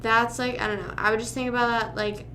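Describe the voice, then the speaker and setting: Young woman, streamer, bright higher voice, rambling casual chat, lots of filler, swears. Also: little pitch movement, fast talker, slight background noise. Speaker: livestream host.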